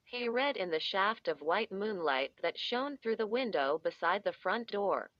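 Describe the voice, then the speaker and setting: A woman narrating a horror audiobook in a measured, even reading voice. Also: medium pitch, no echo, dull audio.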